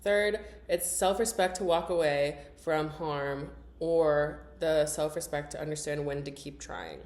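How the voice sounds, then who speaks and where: A young woman with a low voice talks through her thoughts in a casual, rambling personal vlog. She often stops to restart a sentence and sometimes reads out questions from her journal. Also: animated, a little slow, darkish tone. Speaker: vlogger.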